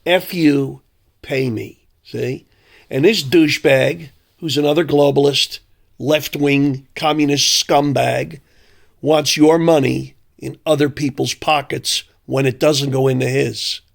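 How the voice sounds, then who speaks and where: A man ranting in angry, sarcastic commentary with a gravelly voice. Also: medium pitch, steady tone, slow pace.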